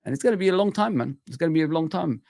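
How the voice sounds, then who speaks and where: A man's voice: fairly high pitch, animated, racing, creaky, darkish tone, no room sound, clean studio sound. A man hosting a live stream, chatting casually and mockingly about football clips and laughing. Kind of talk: casual live reaction chat.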